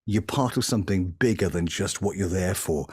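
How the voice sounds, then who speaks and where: A man, a voice actor, telling lively anecdotes in an interview and slipping into impressions as he talks. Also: low voice, moderate pace, breathy edge, dry recording, clean studio sound. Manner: animated, breaks into impressions mid-story. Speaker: voice actor guest. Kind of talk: anecdotal storytelling.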